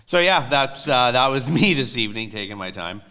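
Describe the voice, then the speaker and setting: A man's voice: medium pitch, lively intonation, moderate pace, sharp tone, clean tone. A man co-hosting a hockey podcast, telling rambling, self-deprecating stories in casual chat. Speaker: podcast co-host.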